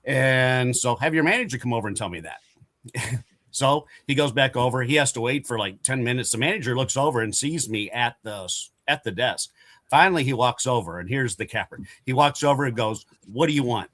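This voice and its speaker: A man speaking on a dry, close microphone with an ordinary mid pitch. He tells a story in a casual, chatty way and acts out the people he quotes. A light laugh slips in now and then. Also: fairly quick, a bit bright, no echo. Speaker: panel guest telling a story.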